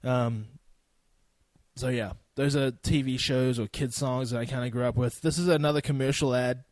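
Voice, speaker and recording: A man's voice: medium pitch, steady tone, normal speed, no room sound. A young man in his twenties with a New Zealand accent, hosting a casual solo podcast in a loose, profane, rambling way. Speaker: podcast host.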